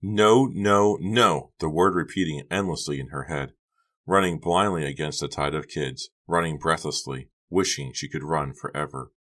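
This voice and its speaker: A man narrating an audiobook in a steady storytelling delivery. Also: very deep voice, normal speed.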